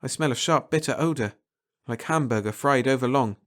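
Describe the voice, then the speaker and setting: A man narrating a first-person short story aloud, expressive and swinging from hushed to excited. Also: mid-range voice, fairly quick. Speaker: audiobook narrator.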